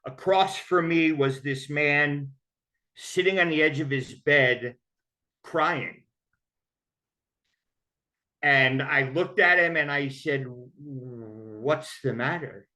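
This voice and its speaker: A man's voice: on the high side, slow, pauses often, bright, forceful tone. A man telling his own story of recovery in a candid, conversational way. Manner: candid, conversational, acts out quoted voices. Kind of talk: personal storytelling.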